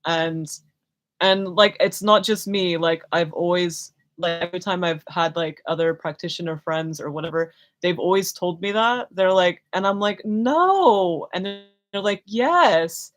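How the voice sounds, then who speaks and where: A woman's voice: lowish voice, fairly even intonation, moderate pace. A young woman hosting a live spiritual Q&A stream, rambling casually with lots of fillers, restarts and giggles. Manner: chatty, self-conscious, many fillers and restarts, giggly. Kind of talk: casual rambling livestream chat.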